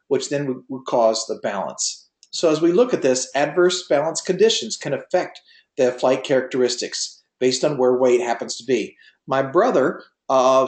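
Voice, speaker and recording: A man's voice: medium pitch, roomy sound. Folksy man lecturing with many fillers. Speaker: drone pilot test prep instructor. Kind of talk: online class lecture with a told joke. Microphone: video call.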